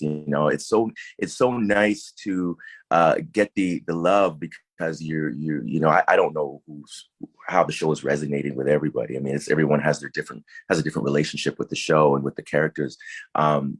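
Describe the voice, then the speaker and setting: A man's voice: extremely low pitch, slightly rough, dry recording. A man, an actor, answering interview questions in a casual, thoughtful way with many fillers and restarts.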